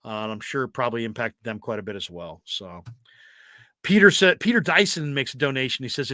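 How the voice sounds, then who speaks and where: Casual male sports host, bright and forward, dry sound. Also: medium pitch, fairly quick, no room sound. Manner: animated, self-interrupting storyteller.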